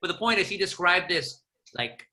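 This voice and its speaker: Bright, animated man telling stories. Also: high voice. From Southern California. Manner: animated, rapid storytelling with restarts. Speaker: podcast guest, journalist. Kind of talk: casual interview chat.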